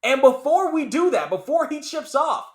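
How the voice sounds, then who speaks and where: A man giving a casual movie review, animated and emphatic, often repeating lines for effect. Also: extremely high pitch, moderate pace.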